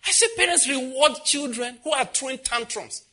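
A man preaching a sermon as pastor, animated and laughing as he acts out what others say. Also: extremely high pitch, moderate pace.

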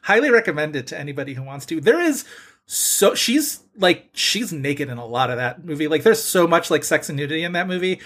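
A man hosting a podcast in casual chat, animated and full of fillers. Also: a little high, a little fast. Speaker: podcast host.

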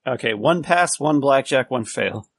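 A man's voice: medium pitch, animated, a little slow, gravelly. A man playing in a tabletop game, joking around and laughing a lot in casual chat. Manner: giggly, jokey. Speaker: player.

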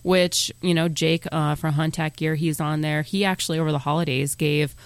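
A man's voice: fairly high pitch, steady tone, moderate pace, clean tone, no room sound. A man hosting a podcast, chatting casually and plugging the show between jokes. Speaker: podcast host.

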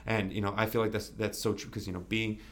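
A man's voice: fairly low pitch, little pitch movement, fast. A young man, a podcast guest, telling his story in an earnest, candid way, full of "you know" and restarts.

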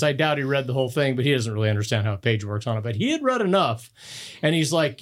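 A man's voice: mid-range voice, fast. A middle-aged man, a podcast guest, telling casual stories with laughs and many restarts. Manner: animated, laughs mid-story, frequent restarts.

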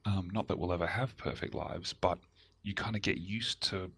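A man's voice: low-pitched, steady tone, normal speed, gravelly, a bit bright, slightly rough, no echo. A man co-hosting a casual podcast, easygoing and chatty, sometimes dropping to a near whisper. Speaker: co-host.

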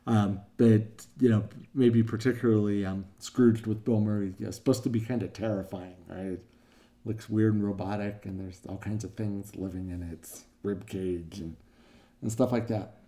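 An older man teaches a class with a mellow, warm voice. He rambles casually through stories, full of fillers, and slips into quoted voices. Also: lowish voice, fairly even intonation, normal speed.

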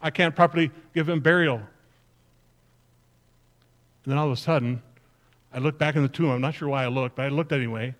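A pastor playing Mary Magdalene, earnest. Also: male voice, medium pitch, brisk, long pauses, fairly bright tone, natural voice. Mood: sorrowful. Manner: earnest, emphatic storytelling addressed to the congregation. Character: grieving then joyful woman disciple, earnest. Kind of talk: first-person dramatic sermon monologue.

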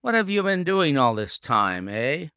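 A gruff, blustering police inspector from a read-aloud detective story, put on by a male reader. He scolds and grumbles indignantly, with a gravelly, bright, forceful tone. The sound is dry and close. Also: fairly high pitch, big pitch swings, a little slow, dry recording, full character voice. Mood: scolding.

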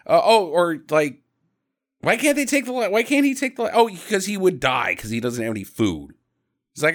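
A man talks through a movie plot on a podcast, joking and slipping into quick impressions of the characters. His voice sits high and swoops all over the place. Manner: animated, jokey, mimics characters. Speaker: podcast co-host. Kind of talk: casual movie recap chat.

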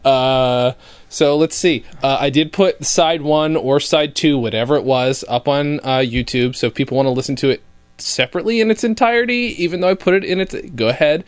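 A man's voice: on the high side, brisk, clear, resonant tone, no echo. A man co-hosting a casual podcast, joking around, swearing freely and laughing often. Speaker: podcast co-host. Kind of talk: casual chat. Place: home room.

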